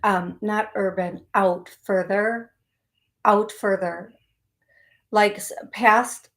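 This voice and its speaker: A woman's voice: medium pitch, steady tone, drawn-out words. A woman psychic medium hosting a live call-in show, talking to callers and chat viewers in a rambling, folksy, reassuring way that often corrects itself mid-sentence. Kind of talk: live call-in reading, chatty address to viewers.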